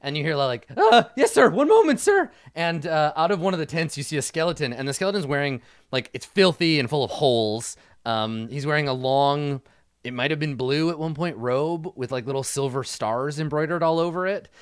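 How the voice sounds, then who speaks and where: A man narrating as game master of a tabletop game in an animated, casual way, with lots of 'like' fillers. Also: on the high side, fairly quick, clean tone, no echo, studio quality.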